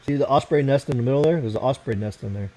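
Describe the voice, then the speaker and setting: A man's voice: medium pitch, very fast, dark tone, low-quality recording. An American man hosting a casual late-night livestream, rambling and swearing as he fiddles with his computer. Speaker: livestream host.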